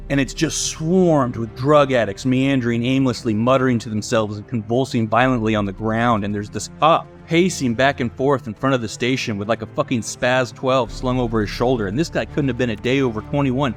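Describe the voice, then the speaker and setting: A young man from the United States reads a scripted video essay in a sardonic, opinionated tone, swearing freely. His voice sits at a middle pitch. Soft music plays faintly underneath. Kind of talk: scripted commentary narration.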